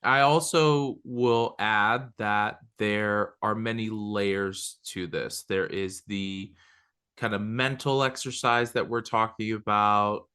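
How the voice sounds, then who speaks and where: Emphatic male podcast co-host, animated and casual in manner. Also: fairly low pitch, takes it slowly, clean tone. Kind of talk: conversational talk.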